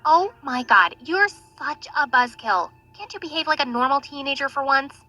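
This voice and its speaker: A woman's voice: sits high, animated, normal speed, sharp tone, faint music behind. A woman voicing a spoiled, cruel rich teenage girl with a bratty, sneering manner. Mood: mocking.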